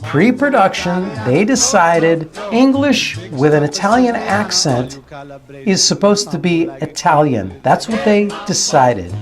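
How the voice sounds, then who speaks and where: Dialect coach, male, lively and varied pitch, explanatory commentary with quick accent mimicry. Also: music in the background. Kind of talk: video analysis commentary.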